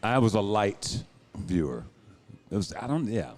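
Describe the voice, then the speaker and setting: A man's voice: on the low side, big pitch swings, a little slow, darkish tone. A man hosting a beer podcast in casual banter, laughing often. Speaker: podcast host. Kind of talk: casual chat.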